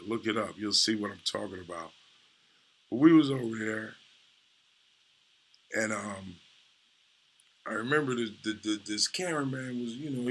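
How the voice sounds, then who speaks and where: A man's voice: mid-range voice, sharp tone. A man, a comedian, telling a profane, laid-back story full of "you know"s. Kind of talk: casual storytelling.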